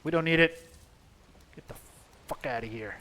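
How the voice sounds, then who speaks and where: A man's voice: fairly high pitch, normal speed, bright, forceful tone, slight background noise. A young man from Finland, chatting casually and swearing as he plays a video game, talking to himself and his character. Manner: rambling, profane, talks to himself and the game. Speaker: streamer. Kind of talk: casual gameplay commentary.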